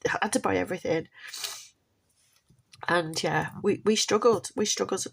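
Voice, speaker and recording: A woman's voice: lowish voice, measured pace, gravelly, slight background noise. Heartfelt mother telling a story. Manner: heartfelt, rambling, repeats herself. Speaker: mother sharing a family story. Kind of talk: casual personal storytelling.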